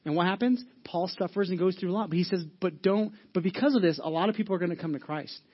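Man, pastor, earnest conversational sermon, husky, lo-fi church recording. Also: high-pitched, fast talker. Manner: earnest, conversational preaching with frequent restarts and fillers.

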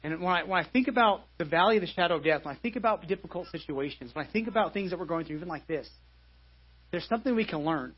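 Husky high-voiced guy preaching fast, keeps repeating himself, muffled church audio. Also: lively intonation. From United States. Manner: conversational preaching with many restarts and repeated phrases. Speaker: pastor. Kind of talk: live sermon.

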